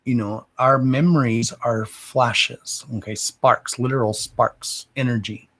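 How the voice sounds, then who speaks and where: Slow, deliberate man giving psychic readings. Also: mid-range voice, fairly even intonation, fairly bright tone, no echo. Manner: slow and deliberate, calls viewers "darling", says "okay" again and again. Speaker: psychic reader hosting a live stream. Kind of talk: live psychic reading, answering viewer questions.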